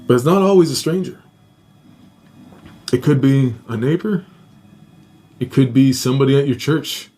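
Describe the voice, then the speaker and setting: A man's voice: mid-range voice, lively intonation, normal speed, long pauses, warm tone. A young adult man hosting a podcast, telling a personal story in a casual, profane way, laughing often and acting out quotes in a raised voice. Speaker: podcast host.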